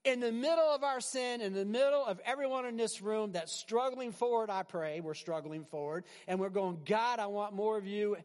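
A middle-aged man preaching a sermon as pastor, animated, swinging from loud emphasis to quiet asides and often restarting his words. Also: sits high, moderate pace, few pauses, smooth. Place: large hall with a congregation. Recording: long hall reverb.

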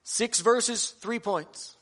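A man's voice: very high voice, very slow, fairly bright tone. A man in his thirties, a pastor giving a sermon to fathers, earnest and conversational with touches of humor.

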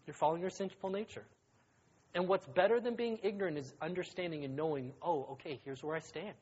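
A young adult man preaching as a youth pastor in a casual, joking, conversational sermon that rises to excited emphasis. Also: sits high, brisk, husky. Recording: dull lo-fi recording.

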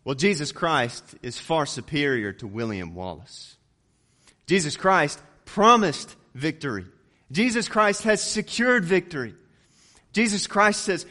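A man's voice: big pitch swings, measured pace. Impassioned preacher man, swelling and dropping. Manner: rising to loud emphatic peaks, dropping low on key words. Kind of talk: sermon.

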